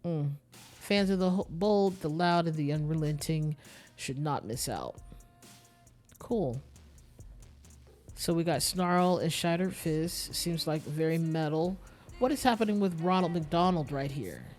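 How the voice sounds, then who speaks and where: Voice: medium pitch, animated, a little slow, a little mellow. A streamer giving casual, wry commentary while playing, reading item names aloud. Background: faint game music.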